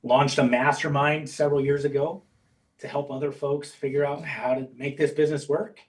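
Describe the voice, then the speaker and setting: A man telling his career story as an interview guest, candid and animated, acting out bits of dialogue. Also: mid-range voice, moderate pace, far from the mic, rough recording. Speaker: guest, insurance agency owner and coach.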